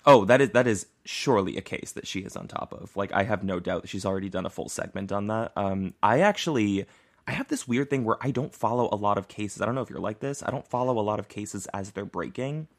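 A young man co-hosting a podcast, chatting casually and laughing often with animated asides. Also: lowish voice, fast talker. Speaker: podcast co-host. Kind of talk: casual chat.

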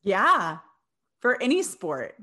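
A woman co-hosting a casual chat, chiming in with expressive reactions and exclamations. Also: medium pitch, slow pace. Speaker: podcast co-host.

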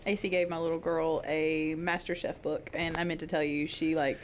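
Woman, fairly low voice, sleepy and relaxed podcast co-host, faint hiss behind. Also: moderate pace. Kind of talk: casual chat.

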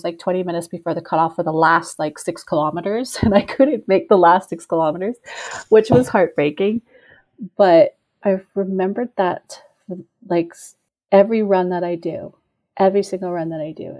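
A middle-aged woman shares a personal running story in a somewhat low voice. She talks earnestly and reflectively, letting her thoughts ramble loosely as she remembers. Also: a little mellow. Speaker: ultra trail runner telling her story.

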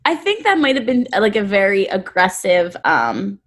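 A young woman co-hosting a podcast in relaxed, casual chat. She gives wry reactions and laughs easily. Her pitch stays mid-range. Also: normal speed. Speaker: podcast co-host.

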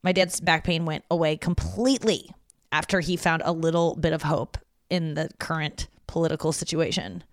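A woman's voice: deep voice, moderate pace, dry recording, studio quality. A woman hosting her podcast, talking alone in a loose, candid, yawning ramble with plenty of swearing. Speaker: podcast host. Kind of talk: casual solo monologue.

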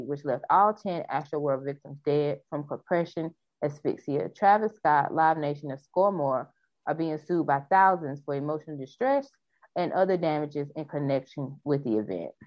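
A woman with a lower voice reads news reports aloud on a casual talk show, then chats about them loosely. The recording is dull and a bit lo-fi. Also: normal speed, no room sound. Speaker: podcast co-host reading news.

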